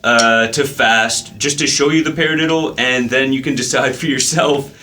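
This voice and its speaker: A man teaching a drum lesson in a relaxed way, counting the beats out loud as he plays. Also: medium pitch, moderate pace. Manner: counts beats aloud while playing, casual with fillers. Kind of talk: relaxed instructional talk.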